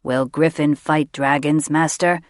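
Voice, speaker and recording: A woman narrator voicing a dim, eager male griffin servant who talks in slow, broken sentences through his nose. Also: deep voice, steady tone, no echo, studio quality. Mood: servile. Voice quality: nasal. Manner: broken grammar, slow, servile. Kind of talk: audiobook character voice.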